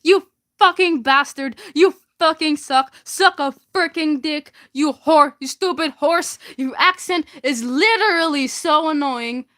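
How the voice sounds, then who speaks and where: A woman's voice: high voice, unhurried. Woman doing a furious swearing letter writer. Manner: loud, swearing, name-calling.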